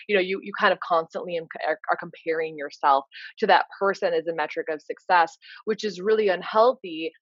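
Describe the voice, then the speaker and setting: Earnest woman coach, lowish voice. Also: dry recording, highs cut off. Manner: earnest, explanatory, peppered with "you know". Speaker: leadership coach. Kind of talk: informal coaching lecture.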